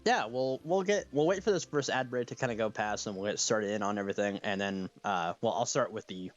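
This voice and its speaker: A man's voice: lowish voice, a little fast, muffled recording, soft background music. A man hosting a podcast in casual chat, with a slight lisp, laughing often and restarting his sentences. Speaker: podcast host.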